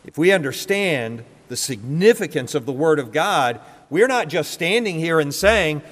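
Man preaching in a reverberant hall. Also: lively intonation. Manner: builds to raised, emphatic preaching, then drops low and slow. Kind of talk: sermon. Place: large auditorium.

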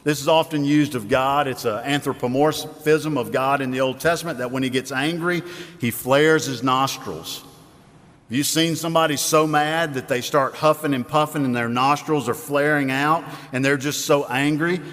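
A man's voice: mid-range voice, steady tone, normal speed, fairly bright tone. A man, a father, preaching a sermon in a conversational way, asking his listeners questions as he explains a Bible passage. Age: adult with children. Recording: long hall reverb.

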